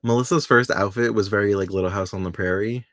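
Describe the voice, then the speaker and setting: A man with a low, deep voice chats casually as a podcast co-host, recapping soap episodes. He laughs often and slips into voices when quoting characters. The sound is dry and close. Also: steady tone, fast, fairly bright tone, no room sound.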